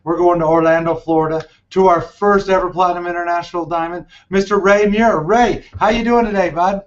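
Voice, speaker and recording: Quick casual guy hosting a show, upbeat, fairly high voice, bit muffled. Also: fairly even intonation. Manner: upbeat, casual, stumbles on words. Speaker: host. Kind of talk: hosting an interview.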